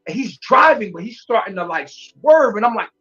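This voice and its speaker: A man on a live stream telling a rambling personal story in a crude, animated, repetitive way, with a husky voice. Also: sits high, normal speed. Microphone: stream mic. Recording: muffled lo-fi stream audio.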